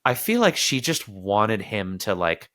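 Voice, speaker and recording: A man hosting a podcast, talking about a film in an animated, casual way and sometimes quoting characters in little acted voices. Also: on the low side, unhurried. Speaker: podcast host.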